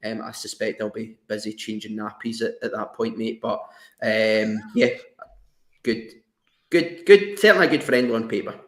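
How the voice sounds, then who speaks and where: A man co-hosting a football podcast, talking haltingly and repeating words as he thinks. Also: fairly low pitch, fairly bright tone. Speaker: podcast co-host. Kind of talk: casual football chat. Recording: roomy echo.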